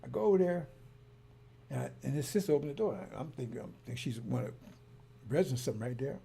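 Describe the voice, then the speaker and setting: Man, gravelly voice, husky tone, heated rambling monologue. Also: medium pitch, lively intonation, racing, dark tone. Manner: heated, rambling storytelling with repetitions. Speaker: broadcaster. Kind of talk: casual monologue.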